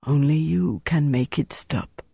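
A narrator voicing a calculating male officer who interrogates a prisoner in a calm, clipped, matter-of-fact way. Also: mid-range voice, measured pace, gravelly, slightly rough, dry recording. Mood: cold, calm. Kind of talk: audiobook narration.

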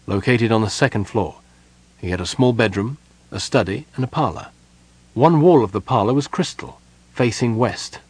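A male narrator reads fantasy fiction in a steady, measured way. His voice sits low with a husky grain. The recording is close and dry, with no room sound. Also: no room sound. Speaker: audiobook narrator.

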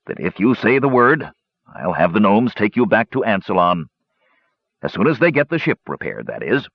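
A man's voice: fairly low pitch, big pitch swings, moderate pace, vocal fry, slightly rough, dry recording, exaggerated voice. A man doing a solemn, shrewd dwarf. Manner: solemn, coaxing. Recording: dull lo-fi dry recording.

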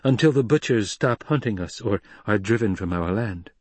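A man voicing a proud, anxious young desert widow in a storybook reading, pitched above his own voice. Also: lively intonation, moderate pace, husky, dry recording. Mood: wary.

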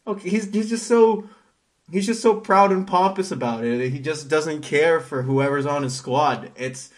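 A man co-hosting a casual comic book podcast, animated, acting out characters' lines as he retells scenes. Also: a little high, moderate pace. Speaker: podcast co-host.

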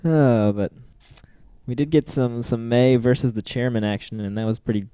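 Laid-back man with a mellow voice. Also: medium pitch, moderate pace, smooth, no room sound. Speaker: podcast co-host. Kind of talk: casual chat.

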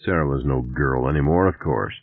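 A very deep, brisk male voice reads a novel aloud for an audiobook in a dry, wry first-person manner. The lo-fi recording is tinny and dry, with no echo.

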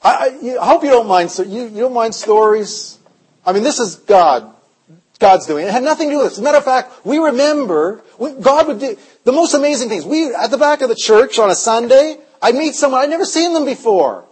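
A man preaching a sermon as pastor, telling stories, sometimes shouting and sometimes dropping to a hush. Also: very high-pitched, animated, a little fast, breathy edge, poor audio. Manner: storytelling, shifts from shouting to hushed.

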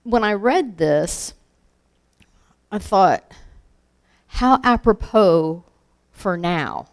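Slow-speaking woman giving a sermon. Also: medium pitch, lively intonation. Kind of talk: informal sermon.

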